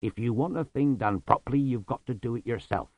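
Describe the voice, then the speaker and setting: A man's voice: mid-range voice, a little fast, no room sound, phone-quality sound, voice pushed up, lightly acted. A man voicing a proud, matter-of-fact older male monk in a storybook reading, with a knowing, level manner.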